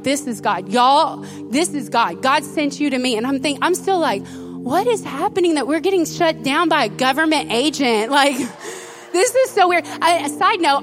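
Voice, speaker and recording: High-voiced woman pastor preaching over music. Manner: chatty, animated, speaks directly to the congregation. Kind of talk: sermon with personal storytelling. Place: church service before a congregation.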